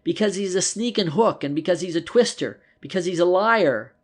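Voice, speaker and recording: A sly little thief grumbles and dodges, as a narrator puts him on, his coarse, aggrieved voice raised and loud with a gravelly edge. It is an old-fashioned storybook crook. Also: on the high side, lively intonation, moderate pace, voice pushed up. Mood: grumbling.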